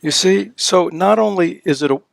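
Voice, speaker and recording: At normal speed, an older man with a high, gravelly voice gives a dharma talk at a retreat. As a Buddhist teacher he speaks conversationally, leaning on "you know" and "right?", with the odd playful baby-talk example.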